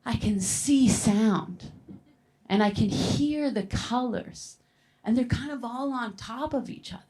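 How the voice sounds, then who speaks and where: A man's voice: extremely high pitch, slow pace, a little mellow, heavily acted. A woman doing her dazed, stoned old dad. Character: stoned seventy-year-old father, dazed and dreamy.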